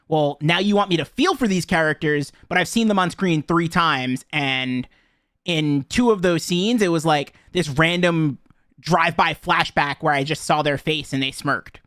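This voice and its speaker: A man's voice: a little high, a bit bright, no room sound, studio quality. A man co-hosting a casual podcast about a video game, joking and laughing often as he talks. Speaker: podcast co-host.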